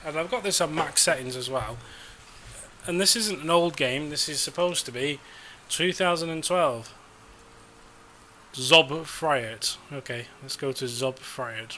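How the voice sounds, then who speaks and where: Man, sarcastic gameplay commentary, exasperated, bright tone, faint background hiss. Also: mid-range voice. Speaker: gamer.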